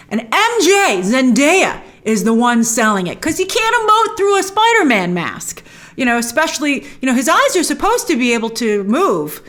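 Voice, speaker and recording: A woman hosting a trailer breakdown, chatty and opinionated, with excited asides. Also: high-pitched. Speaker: host.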